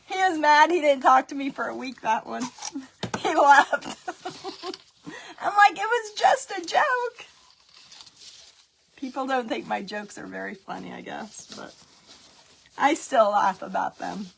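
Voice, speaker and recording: A woman's voice: fairly high pitch, expressive, a little slow, gravelly, long pauses, slight background noise. A middle-aged woman telling casual stories while she paints, chatty and laughing at her own pranks. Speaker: crafting tutorial host.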